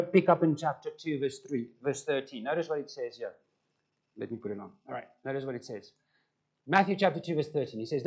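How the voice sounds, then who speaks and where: A man's voice: on the high side, darkish tone. A man preaching a conversational sermon and putting questions to the congregation. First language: Afrikaans. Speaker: pastor.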